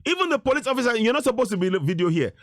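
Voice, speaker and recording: Middle-aged male activist, insistent and repetitive, pitched-up and very expressive. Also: very fast, dry recording, studio quality. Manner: insistent, repeats "you see?", indignant. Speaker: activist commentator. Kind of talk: commentary over video footage.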